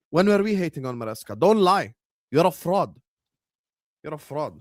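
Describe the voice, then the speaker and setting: A man's voice: a little high, sing-song, normal speed, long pauses, a little mellow, no room sound, studio quality. A man co-hosting a football podcast, arguing combatively and ranting with plenty of swearing. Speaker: podcast co-host. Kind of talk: heated football banter.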